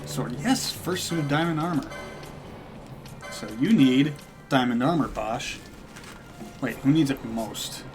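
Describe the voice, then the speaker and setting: A man's voice: medium pitch, unhurried, long pauses. A young man streaming a game, chatting casually, laughing often and thinking aloud while he plays. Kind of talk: casual gaming stream chat. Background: game music.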